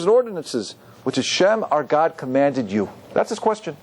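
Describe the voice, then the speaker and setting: A man's voice: on the high side, sing-song, normal speed, slightly rough. A man teaching a Torah class as a rabbi, quizzing his students and quoting Hebrew verses.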